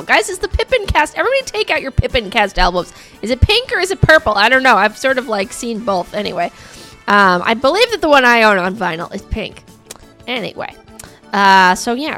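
A woman's voice: medium pitch, pushed and bright. A woman radio host with a scratchy, coughing voice, back-announcing songs in a rambling, chatty way full of fillers.

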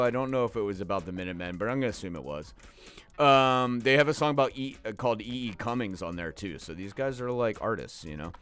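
A man's voice: on the low side, a bit bright, clear, resonant tone. A man hosting a radio show, rambling enthusiastically with lots of fillers as he back-announces songs.

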